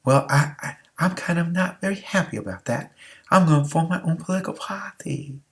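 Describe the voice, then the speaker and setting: A man's voice: a little high, brisk, a bit bright, voice pushed up. A man doing a sulky founding-era statesman in a put-on old-fashioned accent.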